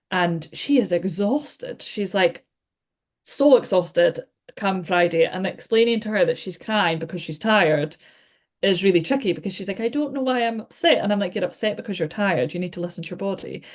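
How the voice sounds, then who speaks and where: Chatty Scottish woman, lowish voice. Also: darkish tone. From Scotland. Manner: chatty, full of likes and you-knows. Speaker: podcast guest. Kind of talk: casual chat.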